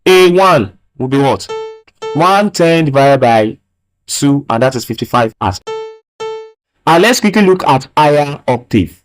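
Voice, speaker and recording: A man with a mid-range voice gives a recorded physics lesson. He stresses key words slowly and repeats each point. He keeps prompting his students with rhetorical "what?" questions. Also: medium pitch, expressive, faint music behind, poor audio. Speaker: physics teacher. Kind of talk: recorded video lecture.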